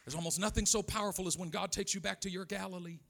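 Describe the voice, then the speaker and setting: A man's voice: high-pitched, steady tone, fast, vocal fry, fairly bright tone, a little hiss or hum. A middle-aged man from Oakland, California, preaching a sermon with a repetitive, impassioned cadence and personal stories. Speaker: pastor.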